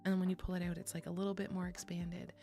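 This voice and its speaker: A young woman chats casually with her stream viewers, swearing freely, laughing a lot and reading chat out loud. Her voice is lowish, level and warm, and she talks in a rapid-fire way. Faint music plays in the background.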